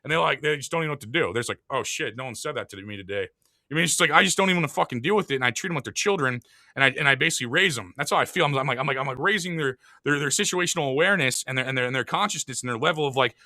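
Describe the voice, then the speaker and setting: A man's voice: on the high side, rapid-fire, sharp tone, dry recording, studio quality. A man hosting a podcast in casual, profane chat, rambling with many filler words. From lives in Saint Louis. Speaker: podcast host.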